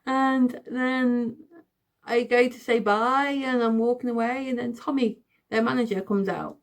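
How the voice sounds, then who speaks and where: A woman in her thirties, telling a storytime vlog in an excitable, giggly, chatty way. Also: a little high, measured pace. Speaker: vlogger. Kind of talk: casual storytime.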